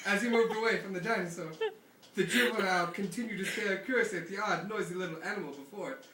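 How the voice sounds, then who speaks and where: A high-pitched man with a fairly bright tone talks fast as he reads a novel to his friends in a lakeside cabin. He's amused, breaking into laughs, and the echoey indoor room is recorded on a distant mic.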